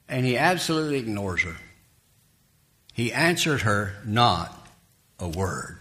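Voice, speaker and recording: Slow, lively bright-voiced male preacher. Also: on the low side. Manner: lively, emphatic preaching, rising loud for quoted lines. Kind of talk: sermon.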